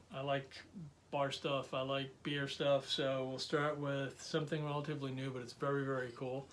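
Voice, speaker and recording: A man's voice: mid-range voice, fairly bright tone, a little hiss or hum. A man, chatty and enthusiastic, showing his collection with many fillers in a casual vlog. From New York, USA. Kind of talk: casual show-and-tell vlog.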